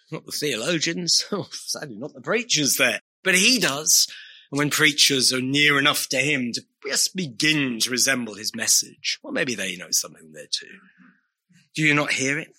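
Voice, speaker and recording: Male preacher, bright ringing tone, earnest, asks pleading questions throughout a sermon. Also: a little high.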